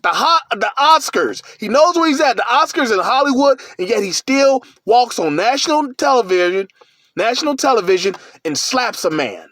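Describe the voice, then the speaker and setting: A man with a notably high-pitched voice delivers a casual solo rant as a podcast host. He talks bluntly and profanely, circling back and repeating himself. The sound is dry, with no room echo. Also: big pitch swings, moderate pace, fairly bright tone.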